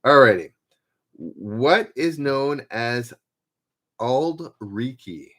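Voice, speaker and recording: A man hosting a live-stream trivia game, relaxed and self-deprecating, repeating each question as he reads out viewers' guesses. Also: mid-range voice, drawn-out words. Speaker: trivia host.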